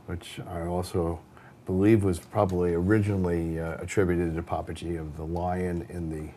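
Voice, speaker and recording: Soft-spoken deep-voiced male interviewer. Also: level tone, normal speed, a little hiss or hum.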